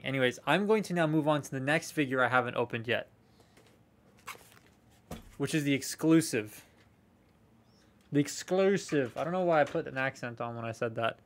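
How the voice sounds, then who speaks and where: A man's voice: mid-range voice, brisk, pauses often. A young man chatting casually on a live stream while unboxing collectible toys, rambling, swearing freely and answering viewer comments.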